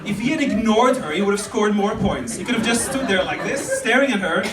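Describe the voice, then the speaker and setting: A man's voice: high voice, lively intonation, fairly quick. A young man performing a stand-up comedy set on a club stage, rambling and chatty, laughing at his own jokes. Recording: roomy club sound from a distance with crowd noise.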